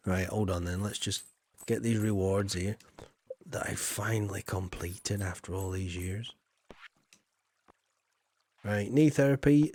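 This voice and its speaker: Male streamer, husky, mid pitch, rambling cheeky gameplay chatter. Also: a little mellow. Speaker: game streamer. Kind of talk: casual gameplay commentary.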